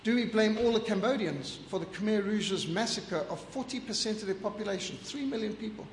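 A man with a fairly high voice delivers an impassioned lecture over slides, firing off rhetorical question after rhetorical question and stacking emphatic lists. His voice rings through a roomy hall with a long reverb tail, and a faint hum of ambience sits underneath. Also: a little fast.

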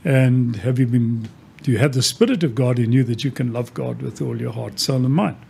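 A man's voice: medium pitch, moderate pace, creaky, warm tone, breathy edge. A man preaching a sermon who tells stories and asks rhetorical questions. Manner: storytelling, rhetorical questions, many quoted exchanges.

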